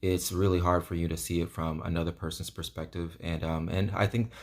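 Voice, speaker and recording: An American vlogger talks casually to camera, rambling earnestly and enthusiastically with lots of ums and you-knows. His low, darkish voice has a flat delivery and a brisk pace.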